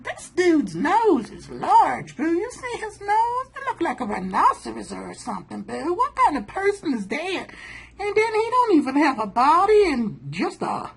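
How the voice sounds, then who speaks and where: A woman's voice: very high-pitched, big pitch swings, normal speed, gravelly, a little hiss or hum, low-quality recording. A woman hosting a casual commentary, reading from a self-help book and calling her listener honey and boo in a sassy manner, laughing often. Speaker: channel host.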